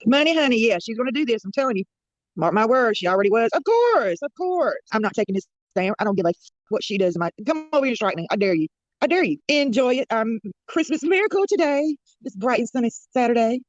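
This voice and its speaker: Rapid-fire scornful woman ranting. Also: a little high, lively intonation, no echo, lo-fi sound. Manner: blunt, profane, scornful. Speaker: drama commentator. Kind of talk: angry live-stream rant.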